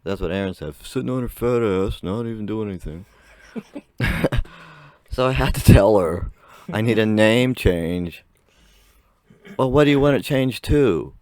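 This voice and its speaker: Speaking straight to camera, a young vlogger with a very low, darkish voice that still cracks now and then tells a long, rambling story. He's expressive and casual, keeps a measured pace, pauses often, and laughs a lot between sentences. The recording is dry and close, with no room sound.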